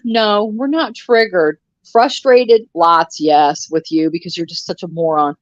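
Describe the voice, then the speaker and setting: A woman's voice: mid-range voice, no echo. Sixties woman, live-stream co-host, blunt and sarcastic, muffled dry audio. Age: 60s. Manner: blunt and profane, ranting with sarcasm. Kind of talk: casual live-stream chat.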